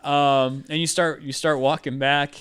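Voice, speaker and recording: A man's voice: a little high, level tone, unhurried, a bit bright, clean tone. A man narrating as game master in a casual tabletop session, rambling with many fillers. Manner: rambling, lots of filler likes, laughs often.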